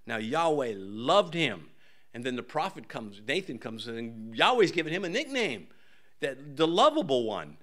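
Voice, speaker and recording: An older man preaching a casual, joking sermon in a church, with folksy asides and voices acted out in a high pitch. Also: big pitch swings, normal speed, a bit bright. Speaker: pastor.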